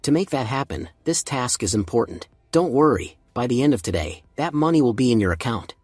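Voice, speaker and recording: A self-assured young healer, read by a man with a slightly husky voice and a dry, close sound. He speaks calmly and casually, with a cocky edge, like a hero in a narrated comic recap. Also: mid-range voice, fairly quick, no room sound, soft background music. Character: confident young male healer, calm and cocky.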